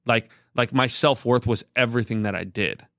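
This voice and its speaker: A man's voice: medium pitch, moderate pace, a bit bright, no echo, studio quality. A man in his thirties, a podcast guest, sharing a personal story in an earnest, rambling way with many filler words. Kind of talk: candid conversational storytelling.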